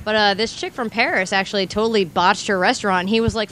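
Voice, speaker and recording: A woman's voice: medium pitch, quick pace, a bit bright, slight background noise. A woman in casual chat, telling stories and laughing often. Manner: chatty storyteller, laughs often.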